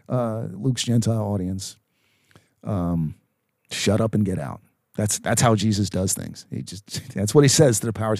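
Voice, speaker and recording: Male pastor, low voice, chatty sermon delivery, dry close recording. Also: darkish tone, no room sound. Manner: conversational preaching with fillers and tag questions.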